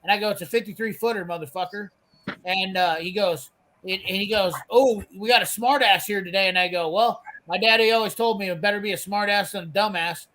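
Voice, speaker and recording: A man's voice: sits high, steady tone, a little fast, bright, forceful tone, a little hiss or hum. A man telling a brash, profane story in casual chat, acting out the lines of the people in it. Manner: brash, swearing, acts out quoted lines. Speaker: storyteller on a live garage show.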